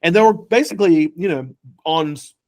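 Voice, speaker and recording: Animated New Zealand man, fairly high voice. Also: a little fast. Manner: animated storyteller, acts out quoted dialogue. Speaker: startup founder, guest. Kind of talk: casual interview talk.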